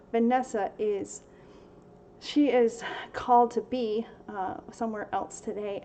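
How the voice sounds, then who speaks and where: A woman's voice: a little high, warm tone, a little hiss or hum. A middle-aged woman hosting a casual devotional livestream from home, laughing often and at times tearful. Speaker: livestream host.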